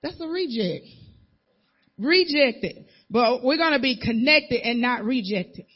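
A woman's voice: fairly high pitch, animated, takes it slowly, breathy edge. A woman minister delivers a sermon with emphatic repetition, hammering single words home and acting out the people she talks about in loose, casual speech. The recording sounds dull and lo-fi. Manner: emphatic, repetitive, acts out voices in casual dialect.

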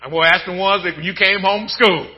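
Husky, high-voiced preaching man. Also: quick pace, dull audio. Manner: folksy preaching, swings from low murmurs to shouted bursts. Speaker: pastor. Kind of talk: sermon.

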